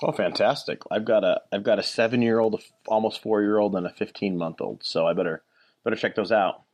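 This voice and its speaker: A man co-hosting a podcast in casual chat, reacting quickly and with enthusiasm. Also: lowish voice, darkish tone. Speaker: guest co-host.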